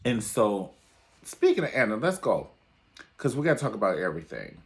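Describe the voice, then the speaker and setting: A man's voice: lowish voice, sing-song, normal speed. A man reviewing a reality show in a sassy, theatrical way, calling everyone honey. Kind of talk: casual commentary video.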